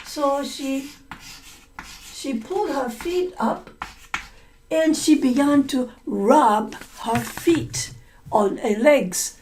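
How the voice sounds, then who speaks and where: A woman teacher retells a folk tale to language learners, repeating key words and explaining them simply. She speaks slowly in a high voice, with faint background noise. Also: darkish tone, rough recording. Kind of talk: story-listening lesson, retelling a folk tale.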